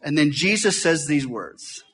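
Fast-talking preacher man, bright voice. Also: on the high side, lively intonation, husky. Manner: fast-talking, swings from loud to hushed. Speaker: visiting pastor. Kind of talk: sermon. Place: church.

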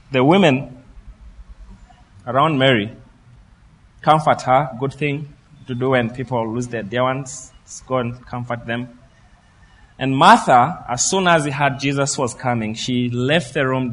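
A man preaching a sermon, telling the story in a lively way and acting out what the people in it say. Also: medium pitch, measured pace, long reverb tail. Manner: lively storytelling preacher who acts out the quoted speech.

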